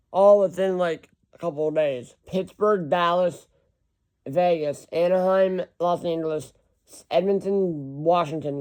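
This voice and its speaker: In a high-pitched, clean-toned voice, a man offers casual commentary on his own while ranking hockey team schedules. He rambles and corrects himself while reading out long lists of teams.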